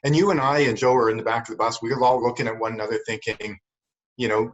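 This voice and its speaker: A man's voice: mid-range voice, steady tone, fast talker. A man co-hosting a podcast who tells a story in an earnest, reflective way and often repeats words. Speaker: podcast co-host. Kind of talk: casual chat and storytelling. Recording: dull lo-fi sound.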